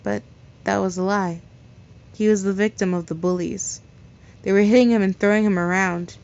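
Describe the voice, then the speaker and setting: A woman's voice: medium pitch, fairly even intonation, normal speed, a little mellow. A woman reading a fan fiction story aloud in a casual way, stumbling over words and correcting herself. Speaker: story reader. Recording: slightly dull lo-fi recording.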